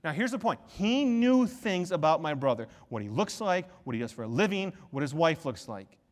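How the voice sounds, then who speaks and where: Animated, high-voiced male pastor preaching. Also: long reverb tail. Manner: animated storytelling, quick shifts between soft and loud. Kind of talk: sermon. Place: church sanctuary.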